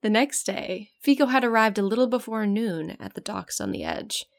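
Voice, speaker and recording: A woman's voice: medium pitch, huge pitch swings, normal speed, gravelly. Woman, casual read-aloud narrator, giggly, jokes between lines. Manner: giggly, breaks off to joke about the text. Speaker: fan fiction reader. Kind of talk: casual reading of a story aloud with commentary.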